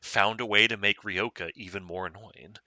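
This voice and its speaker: Casting: low-voiced man with a sharp, bright edge, laid-back podcast co-host with dry humor. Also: fairly even intonation, normal speed, dry recording. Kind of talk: casual book discussion.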